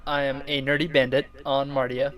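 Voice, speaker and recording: A young man co-hosting a casual gaming podcast, relaxed, rambling and jokey. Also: medium pitch, moderate pace, poor audio. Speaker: podcast co-host.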